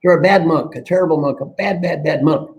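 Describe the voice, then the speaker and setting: A man's voice: high voice, quick pace, pitched above the performer's own voice, natural voice. A man doing a scolding indignant monk. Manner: repeats scolding accusations.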